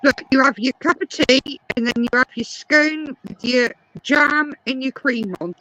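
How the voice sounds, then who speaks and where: High, bright English woman chatting. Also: measured pace, low-quality recording. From England. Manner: chatty, explains at length. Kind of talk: casual chat.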